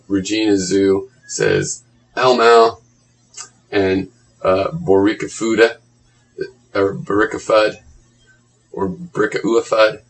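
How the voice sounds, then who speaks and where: A man's voice: on the low side, fairly bright tone, poor audio. A man reading blog comments aloud and mocking them in a sarcastic, profane running commentary.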